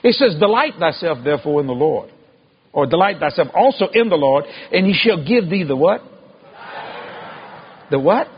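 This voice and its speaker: A man preaching a sermon, telling stories in a folksy, animated way with laughing asides and bursts of loud emphasis. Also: a little high, normal speed, long pauses, slightly rough. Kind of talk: storytelling sermon. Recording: muffled lo-fi sermon recording.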